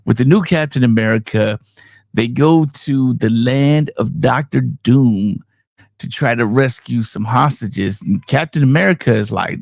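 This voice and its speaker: Gravelly man chatting loosely about comics. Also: medium pitch, measured pace, dry recording, clean studio sound. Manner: rambling, laughs often, many fillers. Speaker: podcast co-host. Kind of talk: casual chat about comics.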